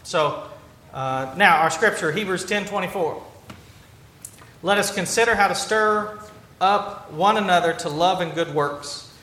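A pastor with a high, bright voice speaks to his congregation in a relaxed, halting way, circling back and restarting his phrases. The big church room rings around him, with faint ambience underneath. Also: reverberant. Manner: conversational, halting with restarts and fillers. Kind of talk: sermon. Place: church sanctuary.

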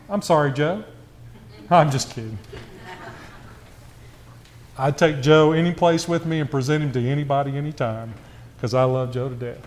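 A man with a rather high voice preaches a conversational sermon to his church congregation at a normal pace, leaving long pauses. He poses rhetorical questions and shifts between quiet asides and loud, emphatic passages.

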